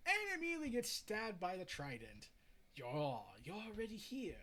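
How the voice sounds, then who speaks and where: A man giving a casual, joking recap of a comic, talking in an animated way. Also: normal speed. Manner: animated, joking, lots of pitch swings. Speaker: comic reviewer.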